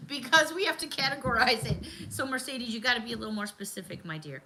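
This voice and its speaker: A woman's voice: high voice, animated, a little fast, hardly any pauses, low-quality recording. A middle-aged woman hosting a casual livestream chat, talking to viewers by name and laughing often. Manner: chatty, warm-hearted, laughs often, talks to viewers by name. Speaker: livestream host.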